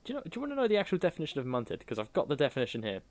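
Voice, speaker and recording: A man's voice: on the high side, huge pitch swings, rapid-fire, darkish tone. A man co-hosting a horror film podcast, chatty and playful, acting out scenes as he talks. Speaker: podcast co-host. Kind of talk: casual film review chat.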